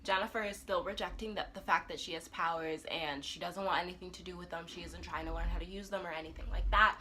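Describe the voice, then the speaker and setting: A woman reviewing a TV episode in a casual, animated retelling that acts out the characters' lines. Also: on the low side, fast talker. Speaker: TV review vlogger.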